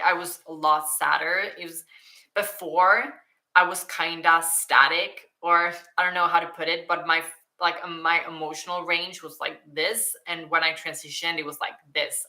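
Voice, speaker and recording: Young woman, Swedish accent, slow easy pace, bright clear tone, chatty and emotional Q&A. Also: low voice, poor audio. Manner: emotional, giggly, many likes and ums. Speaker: YouTuber answering viewer questions. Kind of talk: casual Q&A chat.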